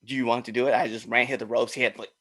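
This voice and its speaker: A man's voice: medium pitch, flat delivery, racing, a bit bright. A man hosting a wrestling podcast, laid-back and laughing a lot in casual chat.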